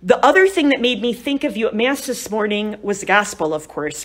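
A woman's voice: medium pitch, animated, fairly quick, hardly any pauses. A woman giving a live retreat talk to a group, telling stories in a chatty, conversational way and often asking "right?" and "you know?". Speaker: retreat speaker.

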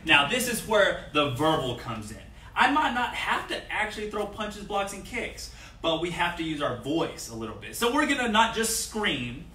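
A young man coaching kids through a safety drill, his voice bright and sharp. He sits a bit high for a man and sounds set back from the mic. The room around him is echoey. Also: recorded from a distance. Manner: energetic coaching, drills children, shouts example phrases. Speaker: martial arts instructor.

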